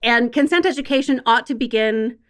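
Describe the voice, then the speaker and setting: A woman's voice: a little high, brisk. A woman sex educator talking frankly and wryly as a podcast guest, emphatic and conversational.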